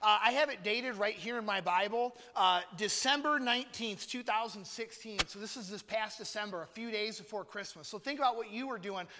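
A man's voice: sits high, brisk, hardly any pauses. A man in his thirties preaching a conversational sermon as a missionary, telling a personal story earnestly and calling on listeners by name. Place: church hall. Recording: long hall reverb.

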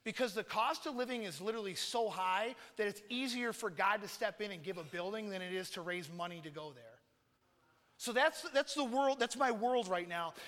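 Bright, high-voiced young preacher man. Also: moderate pace. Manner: earnest, personal storytelling, calls on listeners by name. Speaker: missionary preacher. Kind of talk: conversational sermon. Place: church hall. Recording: long hall reverb.

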